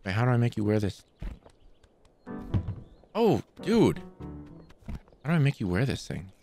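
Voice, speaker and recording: Hyped gamer dude trash-talking while he plays, voice jumping all over, middle pitch. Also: measured pace, creaky, music in the background. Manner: excitable, trash-talking, playful taunting. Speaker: gaming channel host. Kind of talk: casual let's play commentary.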